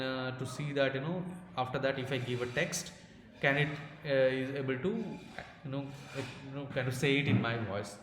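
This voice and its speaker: A man with an Indian accent presents a technical talk at a conference, pausing often on fillers and restarting sentences. His voice sits at an ordinary middle pitch. The sound is roomy with a long hall reverb and a faint hiss underneath. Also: fairly bright tone. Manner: halting, many fillers and restarts. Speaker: conference speaker. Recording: echoey hall with faint noise.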